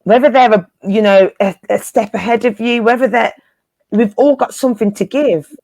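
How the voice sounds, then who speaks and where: A woman's voice: on the high side, moderate pace, gravelly, darkish tone, no room sound. A woman co-hosting a casual spiritual live chat, encouraging her listeners and often repeating phrases for emphasis in informal, slangy speech.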